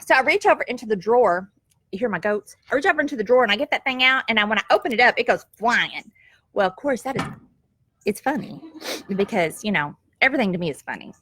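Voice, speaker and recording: Middle-aged woman vlogger, high-ish voice, dry close sound, folksy and animated storyteller. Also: quick pace, breathy edge, no echo. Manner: animated, laughs easily, homespun phrasing. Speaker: vlogger telling a family story. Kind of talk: casual storytelling. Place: at home, goats nearby. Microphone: camera.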